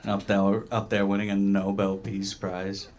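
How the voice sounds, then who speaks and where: A man doing a stand-up comedy set in a small bar, deadpan storytelling with sudden jumps into high voices for the characters he quotes. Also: unhurried, background noise. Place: small dive bar with a live audience. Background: crowd laughter.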